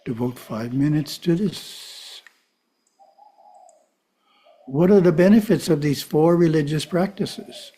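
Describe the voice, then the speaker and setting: Mellow, husky-voiced man teaching calmly. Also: on the high side. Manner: calm, measured, asides to the listeners. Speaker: spiritual teacher. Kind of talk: teaching talk to a live audience.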